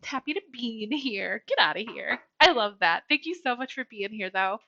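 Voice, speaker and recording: Chatting casually while she bakes in her home kitchen, a bubbly Twitch streamer greets her viewers by name. Her voice is on the high side, expressive, pushed and bright, at a moderate pace. Faint music plays beneath slightly dull lo-fi audio.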